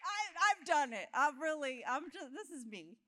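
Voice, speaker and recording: High-voiced, animated woman preacher. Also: normal speed, some chatter behind. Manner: animated storytelling, laughing often, conversational. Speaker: guest preacher. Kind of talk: humorous sermon.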